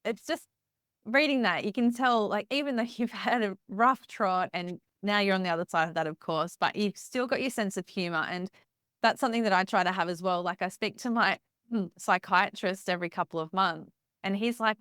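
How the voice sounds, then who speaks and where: A woman, hosting a podcast interview in a relaxed, amused, chatty way. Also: medium pitch, brisk, no room sound, studio quality. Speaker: podcast host. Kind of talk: casual interview chat.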